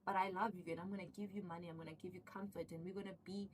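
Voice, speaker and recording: A woman voicing a scheming, manipulative wife who coaxes and menaces, then turns to shrill scolding. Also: level tone, very fast, recorded from a distance, a little hiss or hum, close to an everyday voice, poor audio. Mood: menacing, coaxing.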